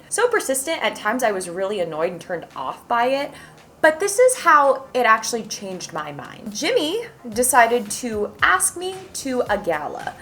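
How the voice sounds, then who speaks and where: A young woman from Idaho chatting to camera, telling a dating story in a lively, talkative way. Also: medium pitch, slight background noise. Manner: animated, chatty, swings from loud to hushed. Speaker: vlogger.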